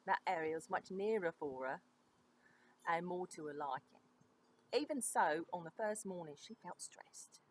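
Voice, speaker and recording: A woman's voice: lowish voice, a little hiss or hum, natural voice, rough recording. A woman reading a story aloud in a put-on Cockney accent, stumbling and correcting herself now and then.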